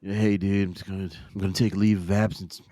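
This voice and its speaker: A man putting on the voice of a breezy office worker who casually plans to climb a mountain over a break, in a slightly lower tone. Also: flat delivery, quick pace, warm tone, no room sound, clean studio sound, close to an everyday voice. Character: breezy office guy bragging about an Everest trip.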